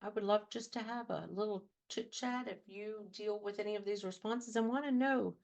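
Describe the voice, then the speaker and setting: A woman's voice: mid-range voice, moderate pace, vocal fry, darkish tone. A woman hosting her own talk show as a trauma coach, giving advice in an earnest, conversational way and repeating phrases for emphasis.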